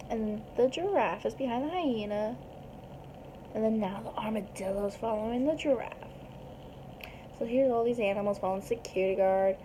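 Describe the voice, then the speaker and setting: Woman, storybook retelling, animated, mellow, slightly high pitch. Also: a little hiss or hum, rough recording. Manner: chatty, animated, puts on small voices for the animals. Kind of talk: retelling a picture book story aloud.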